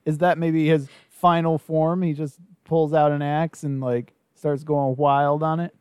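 A man's voice: on the high side, little pitch movement, a little slow, a little mellow, clear, resonant tone, no echo, studio quality. A man hosting a podcast, easygoing in a casual brainstorming chat, laughing often and asking his guest questions. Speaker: podcast host.

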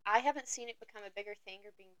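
A young woman co-hosting a book podcast, soft-spoken and hesitant with many ums. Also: medium pitch, racing, no echo, rough recording. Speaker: podcast co-host. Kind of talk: casual chat about books.

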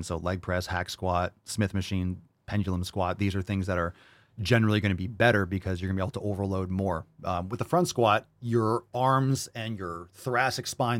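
This man's voice sits on the low side and the recording has no room sound. He hosts a call-in fitness podcast, ranting about diet and fielding training questions with profanity, combativeness, and mockery.

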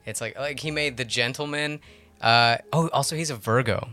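A man hosts a loose, casual conversation about films, wandering off on tangents and laughing easily. His voice is bright. Soft guitar music plays faintly behind him. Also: medium pitch. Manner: rambling, laughs often, quick tangents. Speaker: podcast host. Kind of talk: casual movie-discussion chat.

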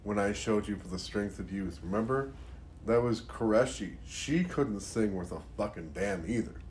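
A man's voice: lowish voice, moderate pace, a little mellow. A man co-hosting a podcast, teasing and swearing in laid-back chat about videos. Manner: drawling, laughing, teasing. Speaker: podcast co-host. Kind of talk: casual profane chat reacting to videos. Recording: faint background noise.

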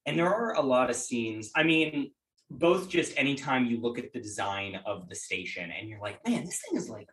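Bright, rambling man in a roomy space. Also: mid-range voice, normal speed. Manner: rambling, laughing, fillers. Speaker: podcast co-host. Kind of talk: casual chat about movies.

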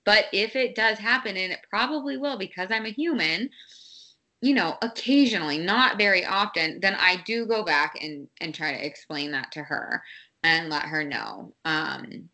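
A woman's voice: on the low side, normal speed, bright, forceful tone. A woman in her thirties, a mother talking candidly about parenting in a casual conversation, with many fillers and restarts. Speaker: guest, parent.

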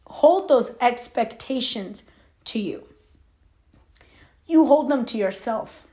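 A woman in her thirties talking candidly to her viewers in a confiding, emphatic way, laughing between thoughts. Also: fairly high pitch. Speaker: vlogger. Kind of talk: candid personal talk to camera.

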